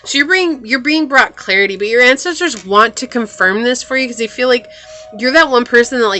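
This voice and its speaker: A woman's voice: on the high side, a little fast, pushed and bright, soft background music. A woman giving a pick-a-card tarot reading in a chatty, reassuring way, full of "like" and "you know". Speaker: tarot reader.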